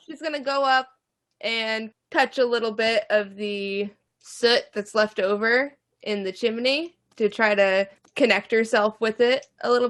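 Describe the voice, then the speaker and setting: A woman's voice: a little high, sharp tone. A woman playing a tabletop game, chatting casually and laughing easily. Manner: playful, quick to laugh. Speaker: player.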